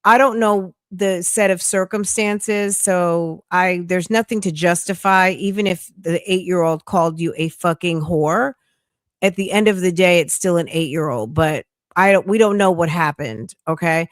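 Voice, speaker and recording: A woman's voice: lowish voice, moderate pace, no room sound. A middle-aged woman hosting a casual livestream, reading news aloud, reacting bluntly and greeting viewers by name with pet names. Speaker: livestream host.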